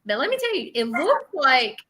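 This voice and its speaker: Against background noise, a woman with a Southern US accent works as a spiritual medium during a live psychic reading. Her high-pitched voice swings widely at normal speed as she reassures, repeats herself, and keeps asking "okay?"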